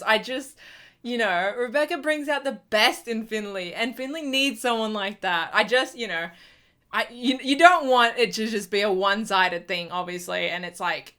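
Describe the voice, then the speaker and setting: A woman's voice: a little high, moderate pace, pushed and bright. A young woman, chatting casually about a TV episode in a review vlog, full of fillers and exasperated restarts. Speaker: TV review vlogger.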